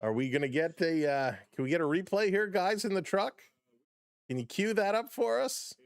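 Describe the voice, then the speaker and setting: A man hosting a live baseball play-by-play stream, excitable on big plays, chuckling often and greeting chat viewers by name. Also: high voice, moderate pace, clear, resonant tone, dry recording.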